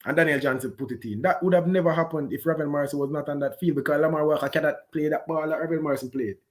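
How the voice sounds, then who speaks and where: A man with a Jamaican accent giving an animated, patois-heavy post-match reaction on a football game. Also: fairly high pitch, racing. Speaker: football fan pundit.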